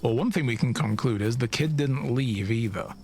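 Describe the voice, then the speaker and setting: A man's voice: mid-range voice, normal speed, a little mellow, slight background noise. A man streaming a video game, chatting casually and thinking aloud with frequent laughs. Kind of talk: casual let's-play commentary.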